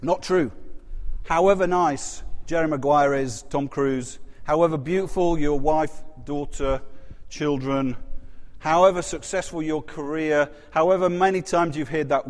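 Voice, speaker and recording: Casting: male preacher, bright high voice, chatty sermon that quizzes the room, long hall echo. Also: measured pace. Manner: conversational, asks the congregation questions.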